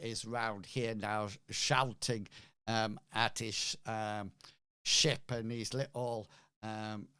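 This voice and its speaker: A man narrating a tabletop game as game master, slow and halting with fillers. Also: on the low side, pushed and bright, clear, resonant tone, no echo, studio quality.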